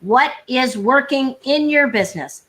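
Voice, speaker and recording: Lady sales coach on a video call, high bright voice, punchy, jokes and laughs a lot. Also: animated. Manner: brisk, emphatic, laughs often, acts out dialogue. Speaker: sales coach guest speaker. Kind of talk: energetic live talk with humor.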